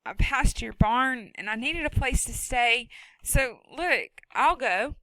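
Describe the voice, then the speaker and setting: A woman voicing a frightened, injured boy who stammers in a high, strained voice. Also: lively intonation, takes it slowly, sharp tone, no echo, exaggerated voice, low-quality recording. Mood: nervous.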